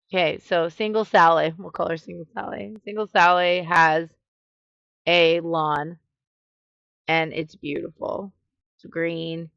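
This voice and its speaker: A woman vlogger telling a story in a chatty, animated way, full of casual fillers. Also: fairly low pitch, dry recording, muffled recording. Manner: chatty, animated, many "you know" fillers. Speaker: vlogger giving relationship advice.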